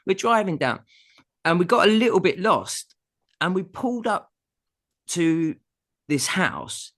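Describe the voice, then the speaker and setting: A man's voice: high-pitched, expressive, unhurried, a bit bright. A middle-aged man, a musician telling a long anecdote as a guest in a casual interview, laughing often as he goes.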